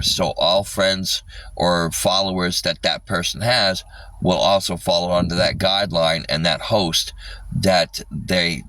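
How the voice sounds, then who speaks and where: A man rambling in casual livestream chat, swearing often and halting with lots of fillers. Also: sits low, pushed and bright, recorded from a distance.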